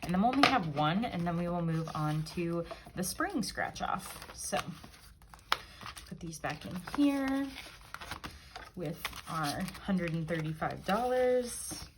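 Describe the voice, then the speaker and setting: A woman's voice: fairly low pitch, expressive, takes it slowly, background noise. A woman vlogger chatting casually and upbeat as she counts bills aloud, one by one. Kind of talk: casual chat while counting cash.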